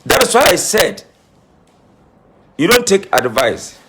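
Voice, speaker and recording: A man's voice: high voice, big pitch swings, slow pace, a bit bright. A man speaking as a spiritualist in an impassioned monologue to camera, emphatic and repetitive as he scolds. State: says he is crying. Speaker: self-styled spiritualist.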